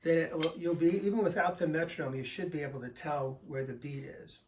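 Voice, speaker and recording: An older man teaching drums, calmly explaining time signatures and counting beats aloud. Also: on the high side, brisk. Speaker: drum teacher. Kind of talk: instructional explanation. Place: drum studio. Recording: voice a bit far from the mic, faint noise.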